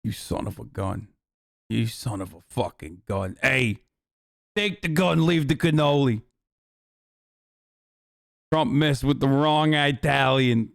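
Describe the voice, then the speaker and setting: A man putting on a gruff Italian-American mobster voice with threatening tough-guy bluster. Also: medium pitch, slow pace, long pauses, no room sound, clean studio sound. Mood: menacing.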